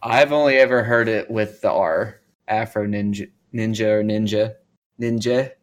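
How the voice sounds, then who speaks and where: A man's voice: on the low side, fairly even intonation, normal speed. A British man hosting a podcast, chatting casually and asking questions. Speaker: podcast host. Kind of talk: casual esports chat.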